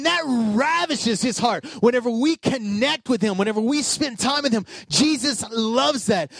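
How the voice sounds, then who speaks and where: High-voiced animated male preacher. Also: no room sound. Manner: animated storytelling with acted-out voices, calls to the congregation. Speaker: pastor. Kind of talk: sermon.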